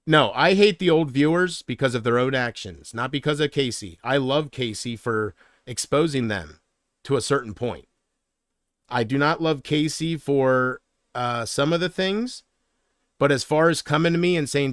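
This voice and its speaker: A man on a livestream vents in an agitated, profane rant and answers his chat as he goes. His voice sits a bit high for a man. The sound is close and dry, with no room echo. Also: lively intonation, moderate pace. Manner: reads viewer comments aloud. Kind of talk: live-stream rant to chat.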